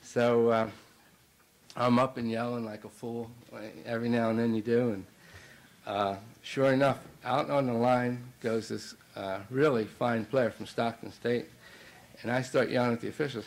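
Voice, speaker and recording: At a banquet, a middle-aged basketball coach spins out a long story, often restarting and filling gaps with verbal fillers. He speaks at normal speed in a steady, mid-range voice, though the recording quality is rough.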